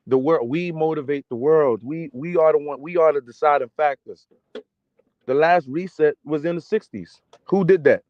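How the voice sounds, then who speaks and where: A man holds forth on a livestream in a somewhat high, insistent voice, circling back to the same lines over and over. The sound is close and dry with no room around it. The audio is a little dull, like lo-fi stream sound. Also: dry recording. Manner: emphatic, repetitive, keeps asking "okay?". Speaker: streamer reading viewer comments. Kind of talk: casual livestream rant.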